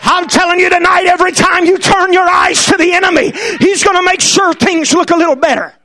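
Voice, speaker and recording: High, bright-voiced shouting preacher. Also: male voice, steady tone, brisk. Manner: fervent, shouting, repetitive. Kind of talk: shouted Pentecostal sermon.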